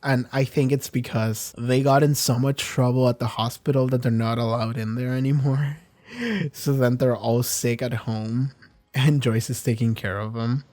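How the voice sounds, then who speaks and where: A man talks through his thoughts on an episode in a loose, rambling way, swearing casually and restarting his sentences. His voice sits at an ordinary middle pitch for a man. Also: fairly even intonation, normal speed, a little mellow. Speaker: reaction video host. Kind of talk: casual spoken review.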